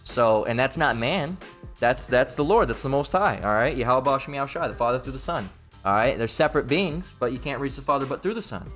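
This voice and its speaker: A man's voice: medium pitch, expressive, brisk, fairly bright tone, soft background music. A man giving an informal Bible lesson, blunt and emphatic, who swears freely and keeps checking in with "all right?". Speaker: religious teacher.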